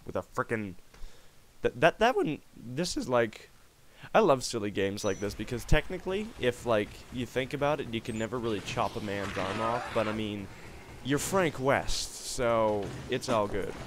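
Young dude doing let's play commentary, voice jumps all over, loud game noise behind. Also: male voice, medium pitch, expressive, normal speed. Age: young adult. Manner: goofy, rambling, yelps and mock voices. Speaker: gamer, let's play host. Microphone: gaming headset.

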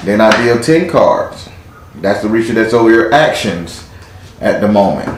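A man's voice: fairly low pitch, expressive, normal speed. A man doing a live tarot reading, joking and blunt with salty slang. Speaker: tarot reader. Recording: very echoey room, faint noise.

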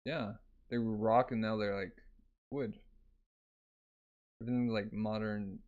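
A man's voice: on the low side, fairly even intonation, unhurried, a little mellow. A man reading a manga aloud in a casual way, adding laid-back asides full of fillers. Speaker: manga reader. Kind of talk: casual manga read-through with commentary. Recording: slightly dull lo-fi audio.

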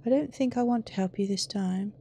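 A woman voicing a smug, coolly superior phone assistant in a measured, prim, cold way. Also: mid-range voice, dark tone, a little hiss or hum, close to an everyday voice.

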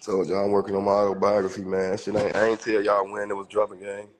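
A man's voice: lowish voice, monotone, quick pace. A man hosting a casual livestream, with a cold, talking in a profane, boastful, rambling way full of street slang. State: has a cold. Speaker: livestream host.

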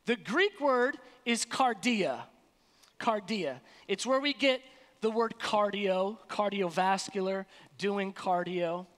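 A woman's voice: medium pitch, lively intonation, takes it slowly, long reverb tail. A woman pastor giving a sermon in an emphatic, colloquial preaching manner, recorded in a church sanctuary.

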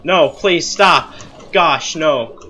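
A man's voice: on the high side, very slow, sharp tone, muffled recording, faint music behind. A young man giving casual gameplay commentary, ranting at the game in frustration and mocking himself. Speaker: let's play gamer.

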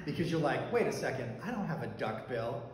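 In a church sanctuary, a male pastor shares a personal story in his sermon, his mid-range voice sing-song and fairly quick, loose and conversational with fillers and false starts. The very echoey hall carries faint background noise, and his handheld or stand mic fell partway through.

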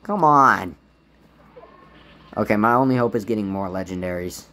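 A man giving casual gameplay commentary as a gaming YouTuber, swinging between low muttering and loud, frustrated outbursts. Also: fast, a little hiss or hum.

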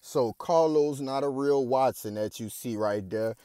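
A man's voice: medium pitch, a little slow, mellow, clear, resonant tone, no room sound, clean studio sound. A man ranting in heated, profane commentary, often tagging lines with "you dig" and "goddamn it".

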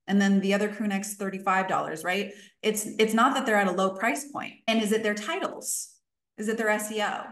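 A woman coach teaching a live online workshop, emphatic and energetic, repeating key points for stress. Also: medium pitch, reverberant.

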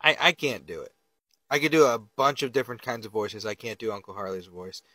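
A man speaking in an indignant, emphatic way, often stumbling and restarting his words. His voice sits at an ordinary middle pitch. The sound is dry and close, with no room around it. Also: animated, fairly quick, bright, forceful tone, no echo. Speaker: relative of a public figure. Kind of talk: casual commentary to camera.

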